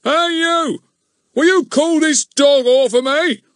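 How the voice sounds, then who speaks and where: A man's voice: fairly low pitch, expressive, measured pace, pushed and bright, husky, dry recording, clean studio sound, full character voice. A man voicing a blustering, pompous middle-aged village policeman who stammers when flustered, in an audiobook. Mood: angry.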